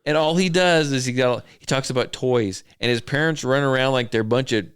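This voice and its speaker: This southern Idaho podcast host has a medium-pitched, clear, resonant voice and talks a little fast. Recorded in a home studio with clean sound and no echo, he keeps the casual chat going with wry rambling and lists.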